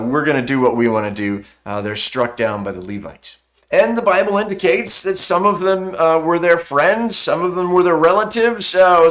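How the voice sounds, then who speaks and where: A man with a voice on the high side gives a sermon as a pastor, retelling a story vividly and casually with many "uh" fillers.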